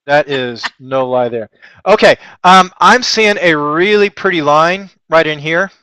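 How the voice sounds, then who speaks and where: A man from Texas runs a live trading lesson, talking through his ideas in a loose, chatty way. His voice sits a bit high for a man and is full of jokes at his own expense. The sound is dry and close. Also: lively intonation, measured pace, pushed and bright, smooth, no echo. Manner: chatty, joking and self-deprecating, rambling asides. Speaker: trading webinar host.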